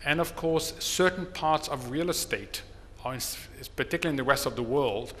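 A man speaking at a seminar, his bright, forceful voice explaining each point in a measured way. The long reverb of a conference hall trails behind his words. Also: fairly high pitch, a little hiss or hum. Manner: measured, explanatory, tells a joke. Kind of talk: seminar talk.

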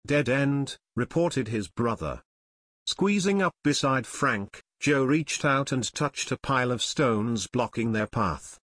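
A man reading an adventure audiobook in expressive, scripted narration. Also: mid-range voice, slow, no room sound, clean studio sound.

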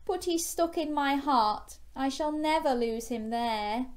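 A woman voicing a gentle, earnest young boy shark in a children's storybook. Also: sits high, sing-song, moderate pace, voice pushed up.

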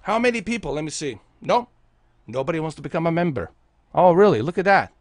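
A man's voice: on the high side, lively intonation, quick pace, dry recording. A man from Bosnia, a game streamer delivering an aggressive, profane, taunting livestream rant at his viewers.

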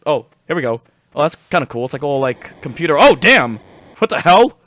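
A young man giving excitable, swearing let's play commentary as he plays. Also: on the high side, a little fast, dry recording. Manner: excitable, cursing, talking to himself. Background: game music.

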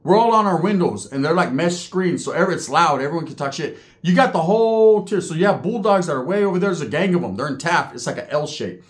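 Animated man telling a street story. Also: fairly high pitch, fast, few pauses. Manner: street slang, animated retelling, mimics other inmates' voices. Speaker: podcast storyteller. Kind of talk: casual storytelling.

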